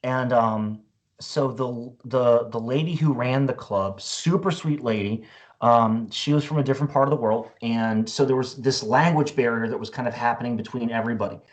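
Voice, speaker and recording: A man's voice: mid-range voice, moderate pace. A man in his forties, a guest musician, telling a story in a casual, profane way full of "like" and "you know.".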